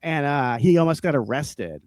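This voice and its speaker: A man telling rambling stand-up stories on a podcast, profane and animated, often laughing and acting out the people he quotes. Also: fairly high pitch, normal speed, no room sound. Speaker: podcast co-host, stand-up comic. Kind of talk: casual storytelling chat.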